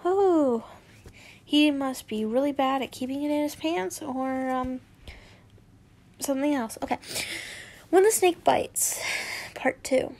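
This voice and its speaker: Fanfic reader woman, high pitched, slow and giggly. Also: a little mellow. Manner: giggly, chatty, keeps breaking off to comment. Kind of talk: reading fanfiction aloud with chatty asides.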